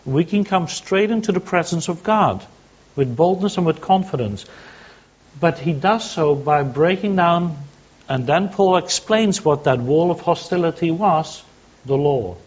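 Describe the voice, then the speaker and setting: A man's voice: on the high side, expressive, measured pace, breathy edge, dull audio. A man preaching a sermon, teaching by asking questions and answering them himself. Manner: teaching, asks and answers his own questions.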